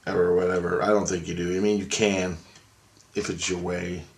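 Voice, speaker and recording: A man who has just woken up, clearing his throat as he tells a long personal dream story, halting and meandering with many fillers and restarts. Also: low-pitched, level tone. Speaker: video blogger recounting a dream.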